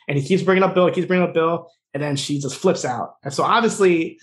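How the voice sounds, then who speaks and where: A man co-hosting a podcast, casually retelling a TV episode with lots of "like" and quoted lines. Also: fairly high pitch. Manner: rapid, filler-heavy retelling, acting out quoted lines. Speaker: podcast co-host. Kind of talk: casual recap chat.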